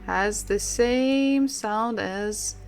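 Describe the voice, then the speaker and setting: A woman teaching a language lesson, repeating sounds slowly and laughing often. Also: mid-range voice, faint music behind. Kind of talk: slow, patient language lesson.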